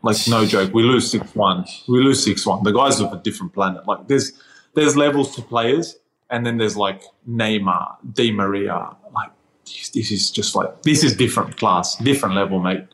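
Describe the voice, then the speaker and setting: A young Australian man, a footballer guest, telling lively stories with laughs and slang over a remote call. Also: on the low side, normal speed, slight background noise. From Sydney, Australia. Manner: animated, laughing, slangy with "mate" and "bro". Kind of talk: casual storytelling interview.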